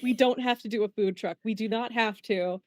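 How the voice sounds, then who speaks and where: A fairly high-voiced woman chatting over a game, excitable and quick to say sorry when she gets carried away. The sound is dry and close, with no room around her. She talks on a mic at home during a video call. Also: dry recording. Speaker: tabletop game player. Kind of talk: casual chat.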